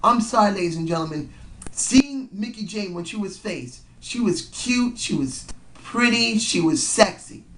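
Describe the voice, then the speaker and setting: A man reviewing a wrestling show in a casual vlog. He is hoarse from yelling and short on sleep, slightly slurring, and talks like a rambling, excitable fan. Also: high-pitched, a little slow, a little hiss or hum.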